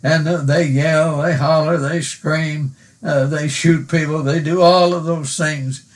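A man, preaching a sermon and praying, slow and earnest, repeating words for emphasis. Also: a little high, steady tone. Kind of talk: sermon with prayer.

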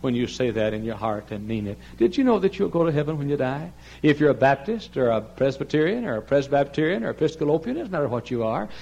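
Man preaching hard, big swings from shouting high to quiet low, pastor pleading with the crowd. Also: expressive, a little fast, gravelly, poor audio. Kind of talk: sermon.

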